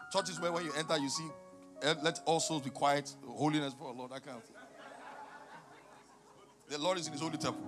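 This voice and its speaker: Passionate pastor guy, high voice, preaching loud then quiet, faint music underneath. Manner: swings from quiet teaching to loud shouted emphasis. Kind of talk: sermon.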